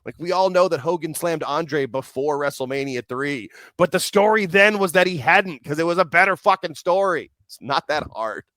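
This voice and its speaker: A man's voice: on the high side, moderate pace, few pauses, no echo. A man who is a podcast guest, talking in casual chat and ranting with lots of swearing. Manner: animated ranting with frequent swearing and laughs.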